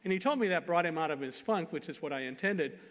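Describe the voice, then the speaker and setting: In a conference hall with long reverb, a man with a slightly high voice tells a story at a fast clip. His delivery is animated, full of self-deprecating humor, and he laughs at his own expense.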